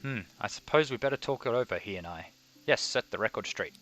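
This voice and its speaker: A man voicing a brash, quick-tempered young female circus performer, read aloud over a game. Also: mid-range voice, animated, fairly bright tone, faint music behind, lightly acted. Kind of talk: reading game dialogue aloud.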